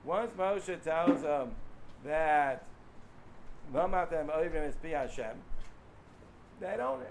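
A man teaching a casual Torah lecture, animated and asking rhetorical questions, with frequent restarts. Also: fairly high pitch, gravelly, slight background noise.

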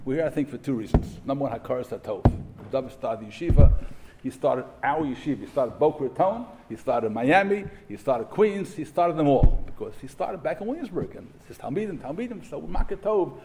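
Speaking a little high and fairly quickly, this middle-aged rabbi delivers an expressive, emphatic memorial talk to a yeshiva crowd over heavy background noise. He asks rhetorical questions and sprinkles in Hebrew terms.

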